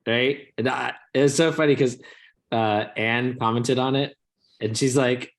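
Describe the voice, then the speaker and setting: Excitable laughing male podcast co-host. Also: mid-range voice, measured pace. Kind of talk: casual podcast chat.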